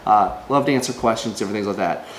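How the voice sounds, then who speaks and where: A man's voice: fairly low pitch, fast talker. A man giving a casual devotional video talk as an online preacher. He rambles in a conversational way, restarts often and acts out quoted voices. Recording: echoey room with faint ambient noise.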